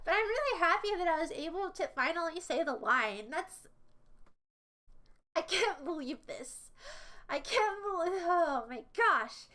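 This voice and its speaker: A woman's voice: extremely high pitch, unhurried, long pauses. A young woman livestreamer rambling and joking with her viewers in casual chat, giggling and repeating catchphrases. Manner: giggly, squeals when excited.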